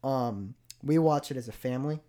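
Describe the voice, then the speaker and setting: A young man co-hosting a casual podcast chat, rambling, laughing easily and trailing off into quiet asides. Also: mid-range voice, normal speed. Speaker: podcast co-host.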